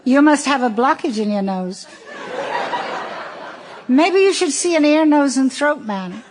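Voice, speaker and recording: A woman's voice: high-pitched, animated, a little slow, background noise, voice pushed up. A woman voicing a tired, slightly drunk mother, talking in a weary, soothing way. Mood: teasing. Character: tired, tipsy young mother.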